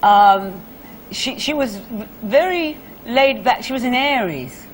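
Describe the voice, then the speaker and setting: A woman's voice: a little high, lively intonation, slow pace, a little hiss or hum, low-quality recording. A Welsh woman, a singer, chatting as a guest in a television studio interview, telling stories with many fillers and laughs. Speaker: singer as talk show guest.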